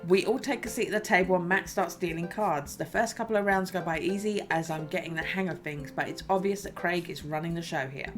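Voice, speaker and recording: A woman's voice: lowish voice, a little fast, few pauses. A woman streamer reading a dating game aloud with playful, jokey commentary. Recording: music playing underneath. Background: game music.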